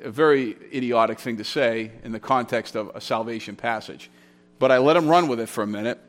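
A man's voice: medium pitch, fairly quick. A man preaching an expository sermon, explaining Greek grammar and telling a story in a conversational, teaching way, often repeating phrases. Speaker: pastor.

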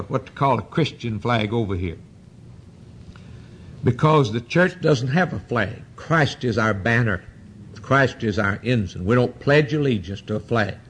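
A man's voice: medium pitch, slight background noise. A man preaching a sermon, emphatic, his voice swinging up and down as he stresses points and spells out words.

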